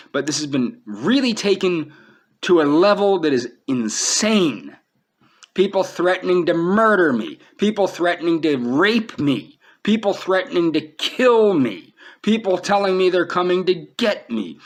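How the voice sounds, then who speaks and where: A man speaking straight to one absent person, agitated and pleading, repeating himself again and again. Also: on the high side. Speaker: vlogger. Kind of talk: emotional direct address to camera.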